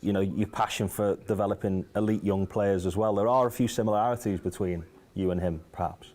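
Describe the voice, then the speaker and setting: A man's voice: on the low side, steady tone, brisk, a little mellow. A man interviewing a football manager for a club channel, asking questions in a friendly, conversational way. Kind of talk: media interview.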